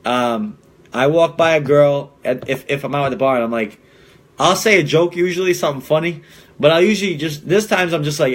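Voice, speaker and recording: A man's voice: on the high side, fast. A young man hosting a podcast, talking in a blunt, profane, rambling way with many restarts. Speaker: podcast host. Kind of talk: casual monologue.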